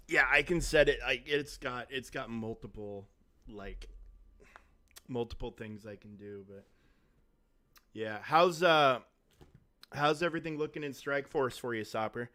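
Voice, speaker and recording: A man gaming live from his home desk talks slowly with long pauses, his medium-pitched voice sounding pushed and bright. Picked up by a desk mic on a stand, his casual chat rambles along, full of self-interruptions and restarted sentences.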